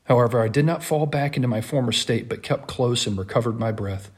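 Male reader with a slightly husky voice; earnest, impassioned dramatic reading of a classic text. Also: mid-range voice, brisk.

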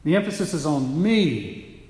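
Male pastor, slightly high voice, earnest teaching sermon, long church-hall reverb. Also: big pitch swings, a little slow, a little mellow. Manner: earnest teaching, building to emphatic repetition.

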